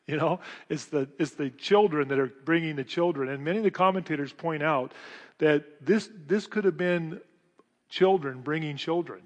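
A man preaching a sermon as pastor, earnest and emphatic, often repeating his words. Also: a little high. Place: church sanctuary. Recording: long reverb of a church hall.

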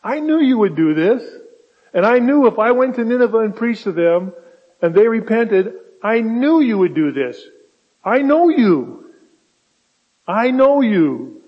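A preacher voicing an indignant, accusing prophet. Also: male voice, very high-pitched, muffled recording, pitched above the performer's own voice, heavily acted. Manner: heated, accusing, repetitive. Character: angry, indignant prophet complaining to God.

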